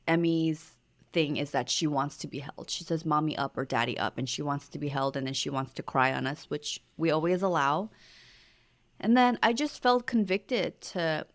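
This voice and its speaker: Low-pitched lady co-host, chatty and reflective, just talking it through. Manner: reflective storytelling, candid. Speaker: podcast co-host. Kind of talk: casual chat.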